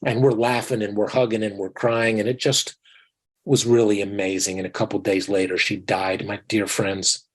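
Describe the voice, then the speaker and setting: A man's voice: lowish voice, level tone, moderate pace, breathy edge, low-quality recording. A man in his sixties, a dentist giving an online lecture in a folksy, earnest manner, often calling his listeners his friends. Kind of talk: online lecture with personal stories.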